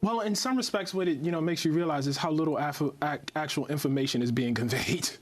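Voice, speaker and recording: Writer guest in his forties: quick, halting delivery with a somewhat high voice, full of "you know" and restarts. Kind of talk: thoughtful interview answers.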